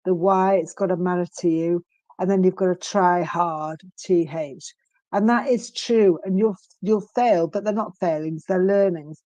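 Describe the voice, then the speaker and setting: A woman in her fifties, a guest in an interview, speaking earnestly and emphatically with frequent pauses and restarts. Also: lowish voice, mellow, dry recording, lo-fi sound. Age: 50s. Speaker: guest, stroke survivor. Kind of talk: candid interview conversation.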